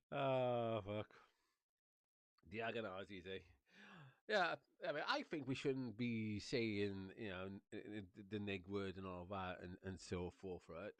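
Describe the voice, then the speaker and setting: A man's voice: on the low side, lively intonation, slow, fairly bright tone, dry recording. A Welsh man rambling through a casual vlog monologue, chuckling often and swearing freely, with many fillers. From Wales. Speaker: vlogger.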